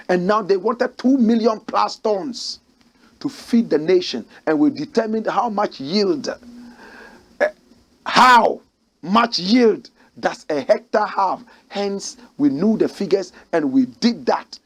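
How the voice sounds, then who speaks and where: Man from Ghana, talk-show host; emphatic political commentary, high husky voice, repeats lines for effect. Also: animated, slow pace. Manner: emphatic, exclamatory, repeats key phrases with rising pitch. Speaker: host of a current affairs show. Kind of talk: animated political commentary, reading aloud news quotes.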